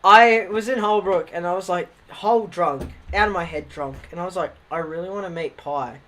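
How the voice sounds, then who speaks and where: A young Australian man livestreaming tells rambling, casual stories in a high, fairly bright voice at normal speed. He swears a lot and laughs at his own tales.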